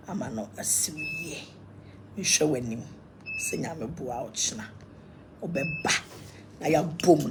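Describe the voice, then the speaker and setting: A woman's voice: deep voice, background noise. A Ghanaian woman preacher chatting casually on a live video, giving blessings and invitations to church. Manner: preachy, mixes blessings with laughter. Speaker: self-styled preacher.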